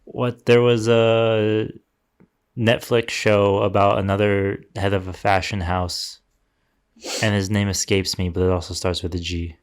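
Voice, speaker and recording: A man's voice: lowish voice, flat delivery, unhurried, clean tone. A man co-hosting a casual movie podcast, ranting with strong opinions. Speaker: podcast co-host. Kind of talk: casual chat.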